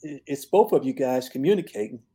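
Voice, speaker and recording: An older man, a longtime football coach, telling relaxed stories in an interview and laughing at his own tales. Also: mid-range voice, moderate pace. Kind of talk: storytelling in an interview.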